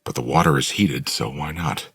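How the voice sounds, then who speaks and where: A man narrating a novel in the first person, in an even, measured storytelling voice. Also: rumbling low, slightly rough, dry recording. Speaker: audiobook narrator.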